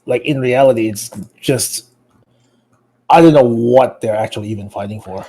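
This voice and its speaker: A man with a dark, mellow voice co-hosts a casual political podcast. He rambles in long, halting runs, piling on fillers as he reaches for his point. His tone stays frustrated and exasperated. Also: medium pitch, husky. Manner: rambling, heavy with fillers like "like" and "you know", frustrated. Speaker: podcast co-host.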